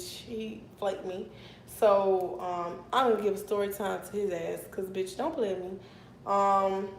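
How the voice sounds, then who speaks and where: A young woman in her twenties telling a long story to her viewers in a casual, animated and profane way. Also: mid-range voice, roomy sound, a little hiss or hum, poor audio. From Miami, Florida. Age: 20s. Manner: animated and profane, flaring into mock anger.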